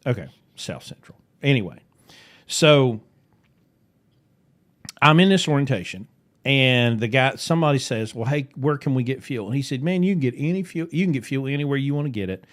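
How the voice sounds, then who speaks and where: A man with a West Virginian accent chats on a podcast at an everyday pitch. He wanders off into long stories full of folksy asides and jokes. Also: expressive, normal speed. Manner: rambling storyteller, folksy, jokey. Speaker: podcast co-host. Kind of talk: casual chat.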